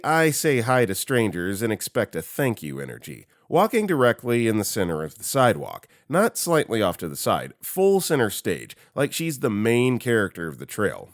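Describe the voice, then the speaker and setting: A man reading online stories aloud, with an animated, sarcastic storytelling manner into a close microphone. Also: lowish voice, no echo. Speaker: story narrator.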